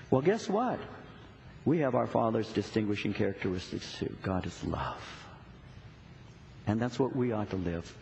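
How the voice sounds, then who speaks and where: A man's voice: on the low side, very animated, moderate pace, creaky, pauses often, darkish tone, slight background noise. A middle-aged man preaching a sermon as a pastor, earnest and emphatic, with frequent repetitions. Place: church sanctuary. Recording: echoey, dull church recording.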